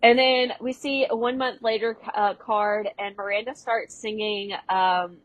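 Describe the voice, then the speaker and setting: A woman's voice: mid-range voice, measured pace, poor audio. A young woman co-hosting a podcast, casually recapping a TV episode and acting out the characters' lines in playful voices. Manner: animated retelling, acting out quotes in voices. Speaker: podcast co-host.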